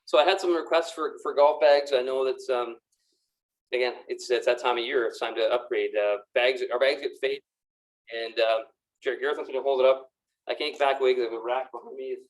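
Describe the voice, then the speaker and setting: A man's voice: medium pitch, fairly even intonation, brisk, poor audio. A man presenting golf gear in a pro shop, upbeat and gushing, with frequent fillers and restarts. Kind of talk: live product demonstration. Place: golf club pro shop with racks behind.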